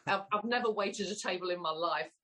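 A woman's voice: lowish voice, fairly quick, a bit bright, a little hiss or hum, poor audio. A woman of around sixty with an English accent, an actress telling stories in a blunt, candid way as an interview guest. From England. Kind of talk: casual interview chat.

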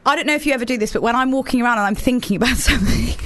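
A woman's voice: a little high, rapid-fire. A woman hosting a radio show, chatty and teasing in casual banter, laughing often.

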